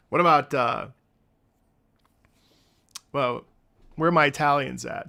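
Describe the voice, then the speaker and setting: A playful man in his thirties chatting casually on a live stream. He is an opera singer, and his speaking voice sits high and carries a gravelly fry. He takes his time, trying out greetings in other languages and trailing into little joking asides. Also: unhurried, long pauses, fairly bright tone. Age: 30s.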